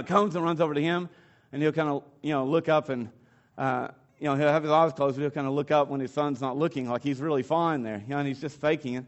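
Preacher with a higher voice. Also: male voice. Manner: conversational, halting, with restarts and fillers. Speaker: pastor. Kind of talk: sermon.

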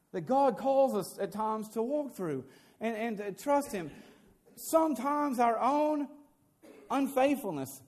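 A man's voice: high voice, a little mellow. A man preaching a sermon as a pastor, earnest, often repeating words as he builds a point.

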